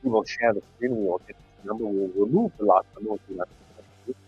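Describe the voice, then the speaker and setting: A man's voice: lowish voice, brisk, breathy edge, muffled recording, faint music behind. Easygoing Welsh man hosting a livestream. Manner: easygoing, chatty, thanks viewers by name. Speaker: whiskey channel host. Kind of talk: casual livestream chat. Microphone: clip-on mic on his shirt.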